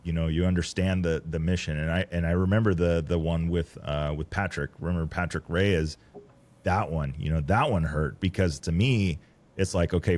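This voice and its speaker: A low-voiced man chats casually about rally logistics. He talks in a halting, rambling way, restarting phrases again and again. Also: darkish tone. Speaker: host and rally support coordinator. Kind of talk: casual conversation.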